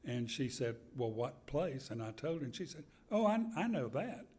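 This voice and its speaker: Older man, author, unhurried storyteller, pauses often, live book event. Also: mid-range voice, big pitch swings, a little mellow, slightly rough. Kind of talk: conversational book talk. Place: event hall with an audience.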